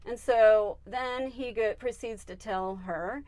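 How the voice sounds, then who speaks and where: A woman's voice: a little high, slow, no echo. A woman who is a psychic medium, telling a story as a guest in an interview and acting out the voices of the people in it. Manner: animated, acts out the voices in her stories.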